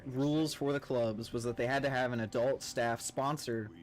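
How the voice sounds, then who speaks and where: A man's voice: mid-range voice, fairly even intonation, normal speed, music in the background. Man rambling through a story while gaming. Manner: rambling, swears freely, laughs at own stories. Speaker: streamer playing with guildmates.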